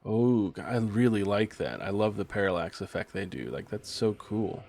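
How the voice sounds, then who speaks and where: A man's voice: fairly low pitch, lively intonation, normal speed, vocal fry, a little mellow. Casually swearing male game streamer. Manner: swears casually, reads on-screen text aloud.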